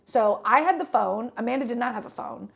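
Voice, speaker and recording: A woman's voice: on the high side, animated, fairly quick, vocal fry. A young woman telling a rambling travel story on a casual podcast, with lots of fillers and restarts. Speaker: podcast co-host.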